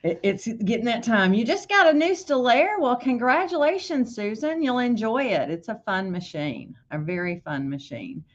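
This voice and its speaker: A woman hosting a casual livestream tutorial on embroidery software, chatting and greeting viewers by name. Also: fairly high pitch, animated, moderate pace, few pauses, dull audio.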